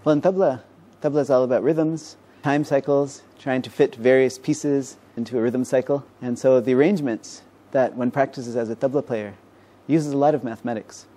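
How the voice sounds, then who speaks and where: Speaking with a dark tone in a mid-range voice, a male mathematician and professor explains concepts in a conversational interview. He comes across as patient and teacherly, moving at a brisk clip.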